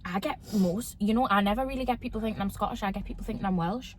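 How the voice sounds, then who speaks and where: A woman's voice: medium pitch, fast talker, slight background noise. A young woman with a Geordie accent, hosting a casual chat with her mother, laughing often and quoting people. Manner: chatty, laughs often, quotes people in voices. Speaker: host.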